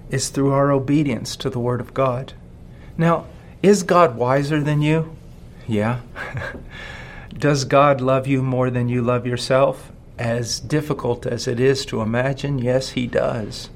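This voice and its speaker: A man in his forties preaching a sermon as pastor, asking rhetorical questions and slowing down to stress key words. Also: mid-range voice, a little hiss or hum.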